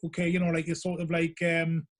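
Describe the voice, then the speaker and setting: A man's voice: on the high side, completely flat delivery, fairly quick. A middle-aged man, chatting casually and telling rambling stories as a guest DJ. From Northeast England. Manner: rambling, storytelling with many fillers. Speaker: guest, vinyl DJ. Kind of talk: casual chat.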